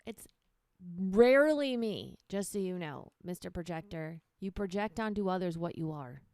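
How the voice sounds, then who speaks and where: A woman from Chicago with a smooth, clear voice co-hosts a casual podcast and reins in her husband with dry, deadpan jokes. She is bossy and quick to cut him off. She is recorded on a close, dry mic. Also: on the low side, no room sound. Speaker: podcast co-host, stand-up comedian. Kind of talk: casual couple's podcast banter.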